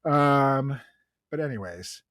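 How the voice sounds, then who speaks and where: A man's voice: mid-range voice, animated, slow pace, fairly bright tone, no room sound, clean studio sound. A young man co-hosting a podcast, ranting in casual chat, swearing freely and laughing often. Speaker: podcast co-host.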